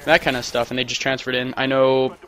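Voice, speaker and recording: Bright-voiced young man rambling through commentary. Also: medium pitch, completely flat delivery, a little fast. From United States. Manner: rambling, self-mocking jokey asides. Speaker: gaming commentator. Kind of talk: casual gameplay commentary.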